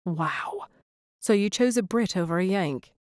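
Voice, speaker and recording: A woman's voice: medium pitch, lively intonation, a little slow, no echo, close to an everyday voice. A woman voicing a reserved young Englishman with an English accent, dry and teasing in a storybook reading.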